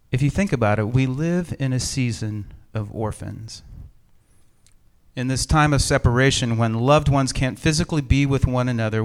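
A middle-aged pastor delivers a sermon in an empty church sanctuary, his voice at a medium pitch. He tells stories in a measured, reflective way, with touches of gentle humor.

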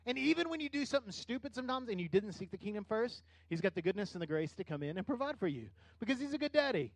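Middle-aged guy preaching, kinda high voice, dry close sound, gets worked up then drops quiet. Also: fast talker, few pauses, no echo. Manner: conversational preaching with rising animated bursts. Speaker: pastor. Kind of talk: sermon.

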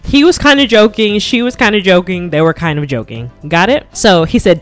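A woman hosting a casual solo podcast, talking very fast and breaking into awkward little giggles. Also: lowish voice, lively intonation, soft background music. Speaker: podcast host, flight attendant. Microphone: podcast mic at a laptop setup.

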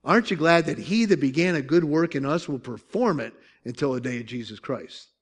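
A man's voice: on the high side, expressive, brisk. A man pastor preaching a sermon in a conversational way, with joking asides and questions to the congregation.

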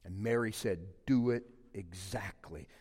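A man's voice: on the low side, measured pace, a little mellow, husky, in a large hall. A man in his fifties from South Louisiana, preaching a sermon with emphatic, rising repeated phrases. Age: 50s. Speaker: pastor.

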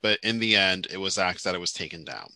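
A man co-hosting a casual chat, emphatic, often repeating himself, sometimes dropping into quiet explanation. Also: low-pitched, quick pace, dry recording. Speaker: podcast co-host.

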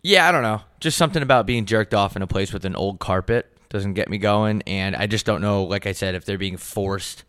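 A young man co-hosting a casual comedic podcast, animated and prone to breaking into loud, high mock voices. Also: brisk, hardly any pauses, smooth, no echo, clean studio sound. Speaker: podcast co-host.

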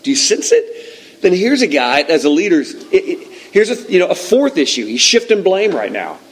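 A man preaching a sermon in a relaxed, conversational way, retelling a scripture story and acting out its moments. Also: high voice, normal speed, poor audio. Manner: conversational, animated storytelling that acts out the scene. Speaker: pastor.

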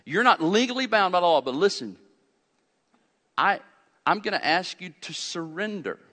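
A man preaching a fiery sermon, swinging from loud urgent peaks to quiet low asides and asking his congregation questions. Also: very animated, moderate pace. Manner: asks the congregation questions and answers them. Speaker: pastor. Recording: long hall reverb.

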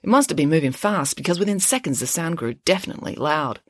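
Lively woman reading a children's story. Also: low-pitched, quick pace, dry recording, clean studio sound. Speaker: author reading her children's book. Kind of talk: storybook narration with character voices.

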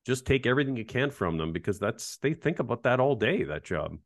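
A man's voice: mid-range voice, fairly quick, dry recording, studio quality. A man in his fifties, an ergonomics professor, telling self-deprecating work stories as an interview guest. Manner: animated anecdotal, self-deprecating. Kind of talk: casual interview storytelling.

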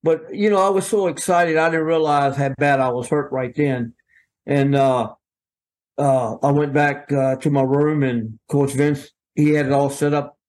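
Older man telling a lively story. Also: fairly high pitch, unhurried. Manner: animated, rambling, acts out quoted voices. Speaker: guest, veteran wrestling referee. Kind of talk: folksy storytelling.

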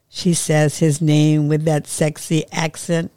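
Woman podcast host, story reading, calm, dry close sound. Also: low voice, slow, few pauses, no room sound. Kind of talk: reading her own short story aloud.

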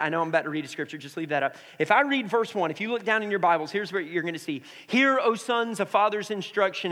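A man's voice: a little high, fairly bright tone. A man preaching a sermon as pastor, praying and then telling a family story to the congregation on a stage microphone. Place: church sanctuary with congregation. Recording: reverberant church hall.

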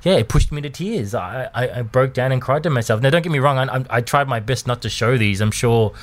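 A man in his thirties speaks openly to camera in a personal monologue. His voice sits in an ordinary middle pitch, and he pauses often, restarts and repeats words, with a soft laugh now and then. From Australia. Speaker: vlogger.

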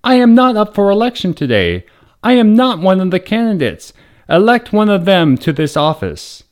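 A man voicing an earnest governor shouting over a crowd. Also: on the high side, expressive, a little slow. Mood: pleading. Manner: urgent, raised pleading shouts.

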